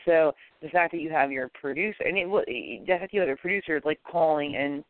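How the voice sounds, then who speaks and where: A man hosting a podcast in casual chat, animated and opinionated, rambling with many restarts. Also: a little high, brisk, no room sound. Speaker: podcast host. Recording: tinny phone-like lo-fi audio, dry.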